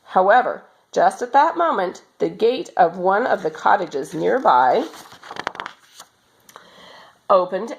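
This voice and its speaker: A woman reading a children's story aloud as storyteller, in an expressive, animated manner. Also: mid-range voice, poor audio.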